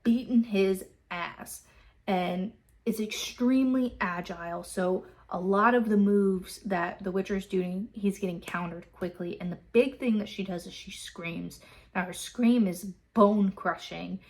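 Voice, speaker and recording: A woman's voice: mid-range voice, unhurried, a little mellow. A woman hosting a book club, casually recapping a chapter in a loose, filler-heavy way and swearing freely.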